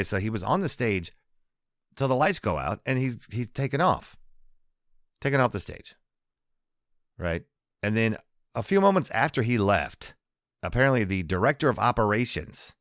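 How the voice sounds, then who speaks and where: A man's voice: low voice, a bit bright, no echo, studio quality. A man hosting a casual comedy podcast monologue, rambling, restarting sentences and laughing at his own jokes. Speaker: podcast host.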